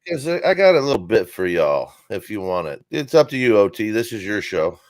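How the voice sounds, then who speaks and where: A man with a lowish voice spins a long, rambling joke story, cursing freely and piling on asides. The sound is dry and close, with little room around it. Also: a little fast, no room sound. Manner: rambling, profane, animated storyteller. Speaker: guest comedian. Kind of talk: casual comedic storytelling.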